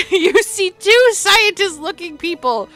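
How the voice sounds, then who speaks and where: A woman's voice: extremely high pitch, animated, slow, bright, forceful tone, faint music behind. A woman narrating as game master of a tabletop game, often breaking into laughter.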